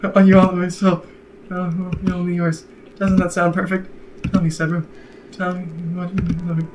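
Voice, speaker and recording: A man reading the lines of a soft-spoken, obsessive, lovesick young woman from a game, in a hushed, intense voice. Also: sits high, completely flat delivery, normal speed, background noise, close to an everyday voice. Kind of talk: reading game dialogue aloud.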